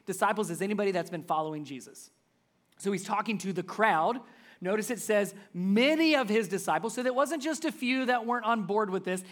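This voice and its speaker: A pastor giving a sermon in a conversational, emphatic way. The voice swings between loud stressed words and soft, low asides. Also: lively intonation, brisk.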